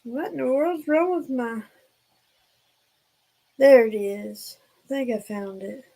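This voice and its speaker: Woman, high voice, out of breath, rambling livestream chat. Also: lively intonation, slow pace, warm tone. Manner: rambling, talks to viewers as y'all. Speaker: livestream host.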